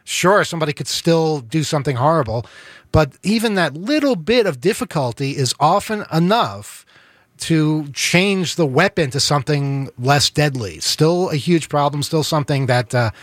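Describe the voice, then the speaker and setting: A man with a New York accent hosting a political talk show, earnest and halting with many fillers. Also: on the high side, dry recording. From Queens, New York. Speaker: show host.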